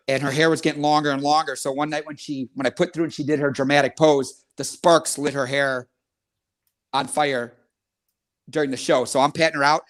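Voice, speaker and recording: A middle-aged man, a magician guest on a podcast, chatting easily and telling stories. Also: medium pitch. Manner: relaxed, chatty, lots of agreeing. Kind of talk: casual chat.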